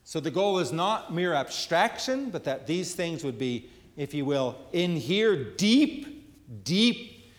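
A middle-aged male pastor giving a conversational sermon, quoting scripture and pausing on fillers. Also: fairly high pitch, expressive, big-room sound. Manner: conversational preaching, quotes scripture, frequent fillers.

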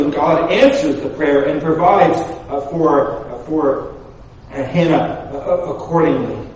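A male pastor preaching a sermon, halting with many fillers and repetitions, then driving points home emphatically. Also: fairly high pitch, darkish tone, slight background noise. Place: church sanctuary. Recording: echoey hall, distant mic.

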